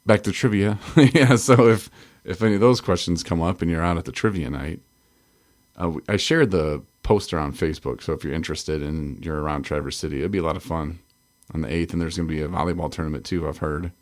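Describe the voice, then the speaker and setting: A man's voice: deep voice, fairly quick, darkish tone. A man co-hosting a recovery podcast, from Michigan, talking in a rambling way with frequent laughs and restarts. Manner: rambling, self-interrupting, laughs often. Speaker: podcast co-host. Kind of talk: casual chat.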